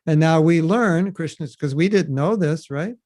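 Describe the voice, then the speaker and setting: A man hosting a podcast, teaching scripture in a casual, animated way and acting out quoted voices. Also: fairly high pitch, unhurried, no echo.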